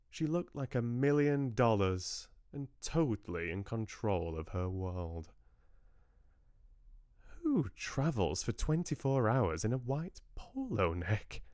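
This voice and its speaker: A man reading a novel aloud to his livestream book club in a measured, expressive way. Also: fairly low pitch, smooth, no room sound, studio quality.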